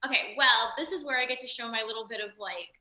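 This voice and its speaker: A woman talking in a casual interview, telling stories and acting out the voices of the people in them. Her voice sits a little high and sounds bright and forward. The room around her is echoey. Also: fast talker. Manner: animated storyteller, acts out quoted voices. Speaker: actress and series creator, guest.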